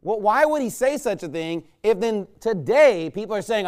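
A man's voice: high voice, lively intonation, moderate pace, darkish tone. A man preaching a sermon in a loose, conversational way, often checking with the congregation. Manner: conversational, rambling, asks listeners "right?".

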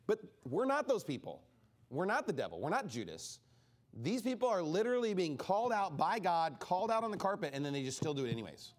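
High, lively male Bible teacher. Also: brisk. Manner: animated, acts out quoted speakers; casual, many "like" fillers. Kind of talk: informal Bible study sermon.

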